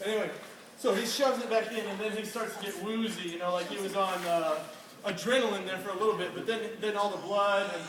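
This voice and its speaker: A young man preaching to a youth group, telling a lively story with laughter and questions for the listeners. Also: high-pitched, fast talker. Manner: animated, laughing storyteller who quizzes listeners. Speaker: youth pastor. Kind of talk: storytelling sermon. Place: hall with a live audience. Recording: roomy, distant, noisy room recording.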